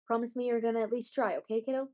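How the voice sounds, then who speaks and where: Brief: woman playing a cat-folk adventurer in a tabletop game, gentle and teasing, near her own voice. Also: on the high side, steady tone, rapid-fire, close to an everyday voice. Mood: kindly.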